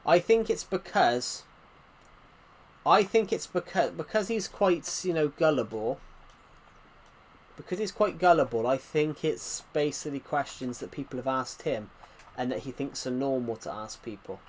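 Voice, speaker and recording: A man's voice: fairly high pitch, moderate pace. A man giving casual, rambling commentary while playing a video game, chatting and drifting onto side topics. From Britain. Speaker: gaming channel host.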